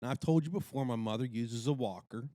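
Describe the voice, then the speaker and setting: A middle-aged man telling a story in casual podcast chat, animated and exclaiming. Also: mid-range voice, brisk, no echo, studio quality. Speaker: podcast co-host.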